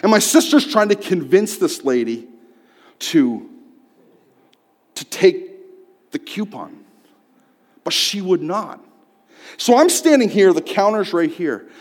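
A man telling a personal story in a sermon, swinging from loud outbursts to hushed tones. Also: high voice, very animated, takes it slowly, pauses often. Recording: long hall reverb.

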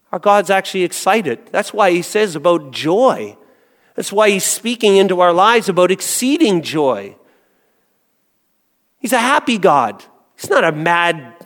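A male pastor delivers a sermon in a slightly raised voice. He drops to quiet, low phrases, then bursts into loud calls. The long reverb of a big hall trails behind his words. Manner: swings from hushed to loud exclamations.

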